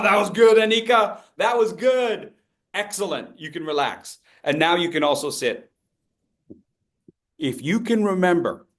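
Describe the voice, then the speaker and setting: A man leading a speaking workshop, calling out upbeat instructions and joking with the group. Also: on the high side. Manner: upbeat, animated, jokes with the group; calls out instructions and audience names. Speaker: speaking coach. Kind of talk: interactive coaching workshop.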